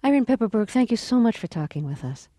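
A woman host asking interview questions in a measured, gentle way. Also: fairly high pitch, big pitch swings, no room sound, clean studio sound.

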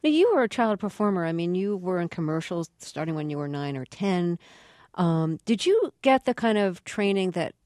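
A woman interviewing a guest, asking long, measured set-up questions. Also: on the low side, very animated, a little mellow, no echo, clean studio sound.

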